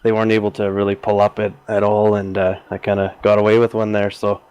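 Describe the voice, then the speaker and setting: Canadian guy after winning a race, chill and modest, kinda low voice. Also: monotone, fast, a little mellow, clean tone, no echo, muffled recording. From southern Alberta, Canada. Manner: easygoing, modest. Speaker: race winner interviewed. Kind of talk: casual interview.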